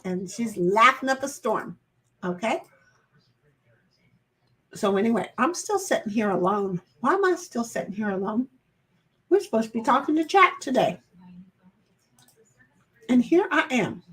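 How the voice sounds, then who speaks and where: A woman's voice: a little high, animated, measured pace, long pauses, fairly bright tone. A woman hosting a livestream alone, chatting casually with her viewers, reading out their comments and rambling in a playful, self-deprecating, confused way.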